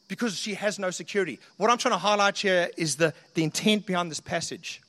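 A man's voice: high-pitched, fairly quick, few pauses, sharp tone, long reverb tail. A man preaching a sermon in an earnest, conversational way, often asking the listeners questions. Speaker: pastor.

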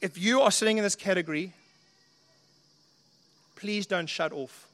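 A man's voice: high voice, a little slow, a bit bright, big-room sound. A man preaching a sermon in an earnest, conversational way, often asking the listeners questions. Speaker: pastor.

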